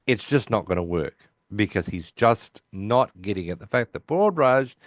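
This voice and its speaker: A man's voice: lowish voice, animated, normal speed, no room sound, studio quality. A man co-hosting a podcast, casually recapping an episode by quoting the characters' lines, with lots of restarts. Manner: rambling, with frequent restarts. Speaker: podcast co-host.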